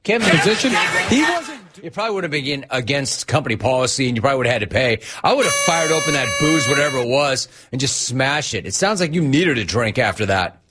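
Husky, animated talk radio host. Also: male voice, mid-range voice, quick pace, few pauses. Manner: sarcastic, riffing, repeats names for emphasis. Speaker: radio call-in show host. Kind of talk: rapid-fire talk radio banter.

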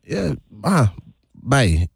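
A man hosting a live radio show from the studio, talking in a loose, laughing way as he coaxes a caller along. His voice sits at an ordinary middle pitch and is miked close and dry, with no room sound at all. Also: very animated, very slow, creaky, slightly rough, no room sound. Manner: chatty, laughing, coaxing a caller. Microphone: studio microphone.

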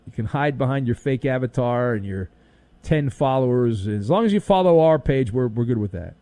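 A man's voice: mid-range voice, normal speed, dark tone, dry recording. A man hosting an overnight sports talk radio show, delivering a sarcastic, punchy monologue into a studio microphone.

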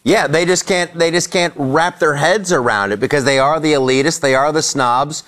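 A man's voice: a little high, moderate pace, a bit bright. Emphatic male panelist. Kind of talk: casual panel chat.

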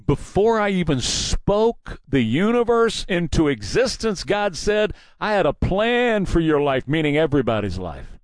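Combative man with a lively voice. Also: a little high, unhurried, few pauses, no room sound. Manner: combative, preachy, mocking. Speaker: talk show host. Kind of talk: political commentary monologue.

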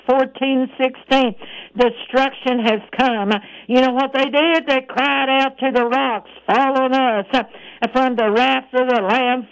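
A woman preaching a radio sermon, breaking every phrase with "praise the Lord" and reading scripture slowly. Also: high voice, smooth, low-quality recording. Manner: reads scripture aloud in a slow, measured voice.

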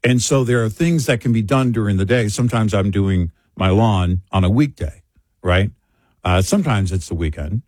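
Older male co-host, lowish voice, dry close sound, rambling casual chat, grandfather type. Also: normal speed, a little mellow, no room sound. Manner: rambling, self-correcting, chatty. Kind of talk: casual talk show chat.

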